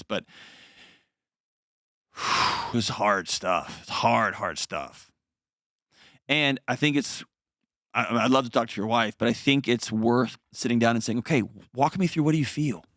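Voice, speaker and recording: A man hosts a call-in advice show, his medium-pitched voice earnest and conversational. He reassures the caller gently and patiently. The sound is dry and close, with no room echo.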